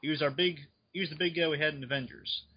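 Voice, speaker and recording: A man in casual chat on a fan podcast, excitedly rambling through his speculation. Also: fairly high pitch, fast talker, husky. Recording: dull lo-fi recording.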